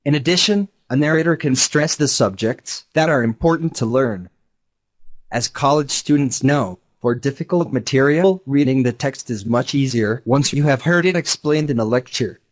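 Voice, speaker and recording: A synthetic male narrator voice reads a scripted explanation. His delivery is even and measured, at a middling pitch. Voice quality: synthetic text-to-speech voice.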